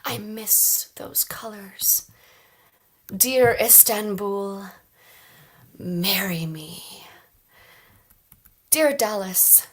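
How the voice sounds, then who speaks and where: A woman at an open mic reading poems aloud in a soft, measured way, dropping into hushed, whispered phrases. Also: mid-range voice. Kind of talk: poetry reading.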